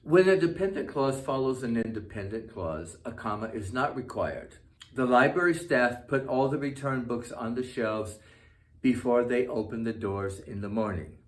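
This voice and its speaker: Man dictating a grammar lesson slowly. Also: mid-range voice, expressive. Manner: slow, careful dictation of example sentences. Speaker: English teacher. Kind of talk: scripted grammar lesson narration.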